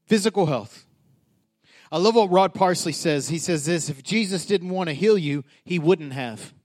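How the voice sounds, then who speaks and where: A man preaching a sermon with passion, repeating himself, rising from quiet talk to loud declarations. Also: fairly high pitch, expressive, normal speed. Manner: passionate, building to loud declarations with frequent restarts. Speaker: pastor.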